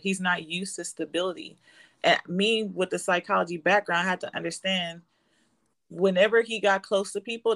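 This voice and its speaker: A woman's voice: fairly low pitch, fairly bright tone, low-quality recording. A woman in her forties, talking casually as a guest and explaining her family life in a reflective, storytelling way. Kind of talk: casual conversation.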